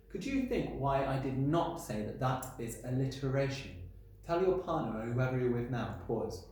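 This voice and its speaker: A male primary school teacher giving a recorded lesson, playful and sounding out letters slowly. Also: medium pitch, a little mellow. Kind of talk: recorded home-learning lesson. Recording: very echoey room.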